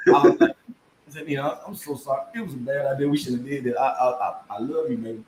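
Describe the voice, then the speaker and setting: A man spins a comedic story in casual chat, with a lively voice that jumps high and low as he acts out the other people. His voice rings in an echoey room, with faint noise behind him. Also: quick pace, highs cut off. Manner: animated, acts out voices and laughs mid-story. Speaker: podcast guest storyteller.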